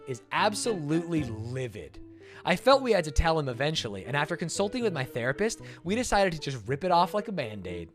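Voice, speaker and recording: A man reading an online confession post aloud in a dramatic style, breaking off into sarcastic, mock-outraged commentary. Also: on the high side. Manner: animated and sarcastic, swings into loud mock-outraged rants.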